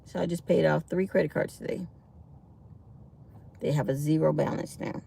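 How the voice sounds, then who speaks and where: A woman's voice: low-pitched, steady tone, normal speed, gravelly, warm tone, breathy edge. A middle-aged woman hosting a casual livestream, chatty and laughing, calling her viewers y'all. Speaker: livestream host.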